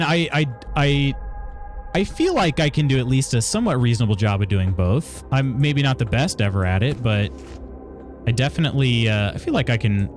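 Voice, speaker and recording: Male streamer, average pitch, loose conversational gamer chat, faint game music underneath. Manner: chatty, reads chat aloud, frequent chuckles. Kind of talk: casual live-stream chat while gaming.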